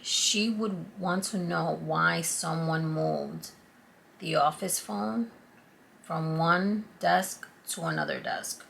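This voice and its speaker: Gravelly-voiced woman telling a story. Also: on the low side, takes it slowly, slight background noise. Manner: animated, confiding, acts out quotes. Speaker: vlogger. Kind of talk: casual storytelling to camera.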